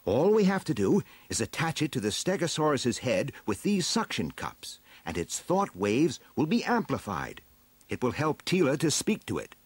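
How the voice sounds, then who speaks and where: A man's voice: mid-range voice, huge pitch swings, moderate pace, breathy edge, no room sound, voice pushed up. A man voicing a brainy older male warrior inventor in a storybook reading, explaining earnestly.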